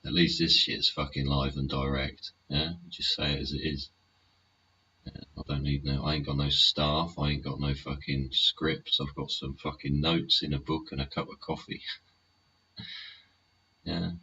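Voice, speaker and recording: With a bass voice, level tone, and bright, forceful delivery at a measured pace, a man hosts a live show alone from home. He rambles, swears heavily, and caps points with tag questions, heard through muffled lo-fi sound with a faint hiss.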